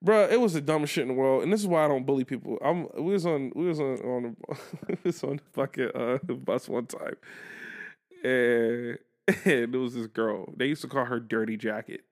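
A young man co-hosting a podcast, telling a story in casual chat, animated and laughing as he acts out the people in it. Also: medium pitch, normal speed. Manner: animated, laughing, acts out voices in his stories. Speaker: podcast co-host.

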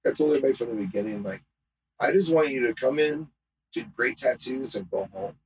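A man guesting on a casual podcast, excitable and profane, saying "bro" a lot. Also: mid-range voice, fairly quick, slight background noise, rough recording. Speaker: podcast guest and tattoo shop owner.

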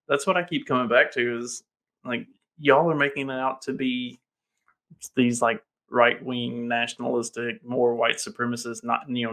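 A man co-hosting a casual political podcast, dropping dry, wry asides and measured summaries. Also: mid-range voice, bright, forceful tone. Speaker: podcast co-host.

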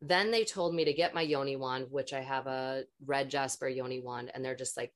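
A woman with a notably low, deep voice speaks as a podcast guest. She tells a spiritual healing story candidly and at length, rambling and cursing without restraint. She sounds like an energy healer talking openly about her own experience. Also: steady tone, normal speed. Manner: frank, swears freely, rambling.

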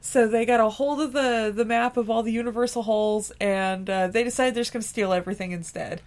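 A woman casually recapping a movie with a co-host, playful and quick to act out scenes. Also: on the high side, steady tone. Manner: playful, acts out scenes in silly voices. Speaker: podcast co-host.

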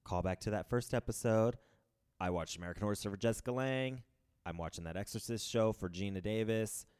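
A man's voice: on the low side, fairly quick, a little mellow, clean tone, no echo, studio quality. A man in his thirties co-hosting a podcast in casual chat, rambling, laughing often and trailing off into fillers. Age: 30s. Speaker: podcast co-host.

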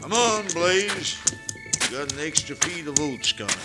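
Picture a stubborn, wary rancher in an old radio western. He talks in an expressive drawl that swings widely in pitch. Loud music runs under his lines. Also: unhurried. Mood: weary. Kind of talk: 1940s radio acting.

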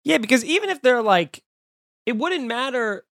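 Man, podcast host, casual chat, animated, acts out voices, high pitch. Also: moderate pace, vocal fry, no room sound, clean studio sound. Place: home room.

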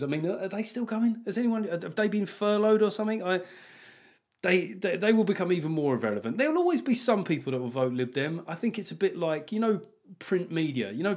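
A man's voice: high voice, darkish tone. A man hosting a comedy podcast, delivering a sardonic, sweary monologue with lots of laughter.

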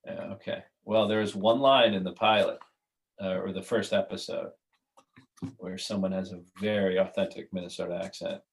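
A man's voice: low-pitched, steady tone, normal speed, gravelly, poor audio. A man who is the guest writer and creator, chatting casually in a podcast interview, often restarting his sentences and laughing.

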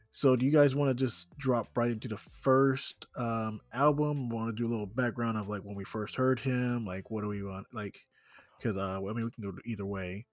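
A man's voice: lowish voice, no room sound. A man hosting a podcast in casual chat, easygoing, with many ums. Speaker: podcast host.

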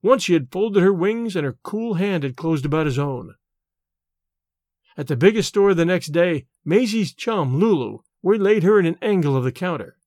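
A man narrating a classic short story in an expressive storytelling manner. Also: high voice, normal speed, no echo, clean studio sound. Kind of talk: audiobook narration.

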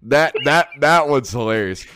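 Lively, animated podcast host man. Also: medium pitch, measured pace, dry recording. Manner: animated, profane, hype. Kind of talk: casual chat.

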